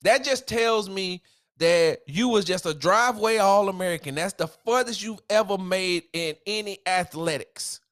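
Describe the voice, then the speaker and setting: A man's voice: sits high, moderate pace, a bit bright. Man ranting as sports podcast host. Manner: heated, emphatic ranting with slang. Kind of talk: solo sports opinion podcast.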